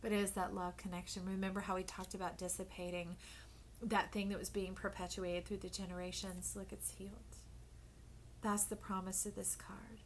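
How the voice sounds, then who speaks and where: A woman giving a casual tarot reading to camera, playful and animated, who often drops to a soft whisper and calls her listeners "baby" and "y'all". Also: mid-range voice, brisk, a little hiss or hum. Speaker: tarot card reader.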